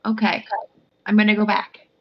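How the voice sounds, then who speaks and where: A woman playing a tabletop game as an adventurer, speaking slowly and carefully. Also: medium pitch, completely flat delivery, dull audio. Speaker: player.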